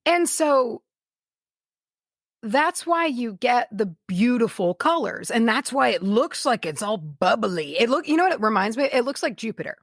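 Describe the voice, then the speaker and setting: A woman co-hosting a podcast in loose, casual chat, rambling with plenty of fillers. Her voice sits at an ordinary pitch and sounds close and dry. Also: very animated, moderate pace, no echo. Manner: rambling, full of "like" and restarts. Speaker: podcast co-host.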